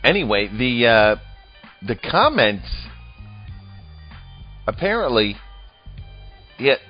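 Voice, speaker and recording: A man's voice: mid-range voice, big pitch swings, takes it slowly, breathy edge. A man doing rambling, profane comedic political commentary, crude and mocking as he talks. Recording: dull lo-fi audio with faint music.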